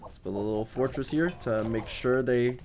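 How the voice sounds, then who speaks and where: A man's voice: mid-range voice, normal speed, crowd noise. Laid-back male gameplay commentator. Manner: rambling, laid-back, swears casually. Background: game music.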